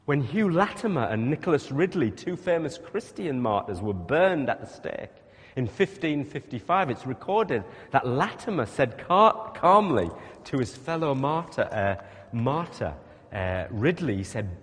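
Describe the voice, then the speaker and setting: A man's voice: medium pitch, measured pace. Man preaching in a reverberant hall. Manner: emphatic, animated, rhetorical questions to the congregation. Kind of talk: sermon. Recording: long reverb of a large hall.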